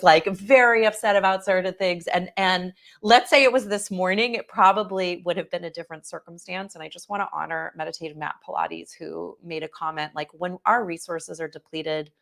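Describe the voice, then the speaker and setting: A woman with a fairly low, gravelly voice full of vocal fry speaks about parenting in a relaxed, thoughtful way. She talks as a mother, with an easy, conversational manner. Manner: thoughtful, relaxed, laughs while recounting. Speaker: parenting teacher. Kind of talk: conversational discussion.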